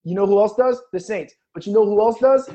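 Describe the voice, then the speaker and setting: Man, high voice, heated sports banter, emphatic, cussing, muffled lo-fi audio. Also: brisk, dark tone. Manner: argumentative, emphatic, profane. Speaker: podcast co-host. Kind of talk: heated casual sports debate.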